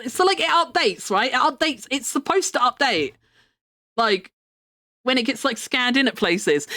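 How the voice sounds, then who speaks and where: A woman's voice: sits high, a bit bright. A young woman chatting casually on her live stream, rambling and laughing often.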